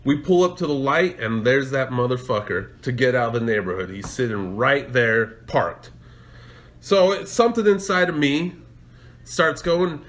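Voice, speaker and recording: A man on a casual podcast telling a road rage story, profane and animated, acting out the shouting. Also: medium pitch, normal speed. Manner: profane, loud, acts out shouting in quotes. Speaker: podcast co-host.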